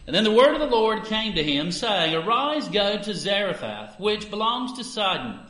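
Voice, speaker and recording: Man, scripture reading, emphatic delivery, bright forceful tone, echoey room. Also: sing-song, normal speed. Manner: emphatic reading that lifts in pitch and volume for the scripture. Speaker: scripture reader at a church service.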